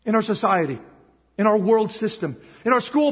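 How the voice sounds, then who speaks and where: Man, pastor, high husky voice, emphatic and emotional; echoey hall, dull recording. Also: lively intonation, moderate pace. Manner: emotional, emphatic, swings to shouting. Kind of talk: sermon.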